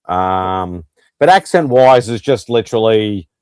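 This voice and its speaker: Australian male panelist, lowish voice, laid-back and slangy, dry home mic. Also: measured pace, clear, resonant tone, no room sound. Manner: relaxed, chatty, uses slang. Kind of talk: casual chat.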